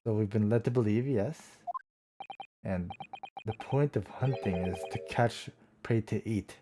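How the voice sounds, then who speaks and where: A man streaming a courtroom game, reading every character's lines aloud with excitable reactions of his own. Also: on the low side, unhurried, long pauses, noisy background. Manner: switches between character voices, excitable reactions. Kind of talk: voicing all characters in a game playthrough.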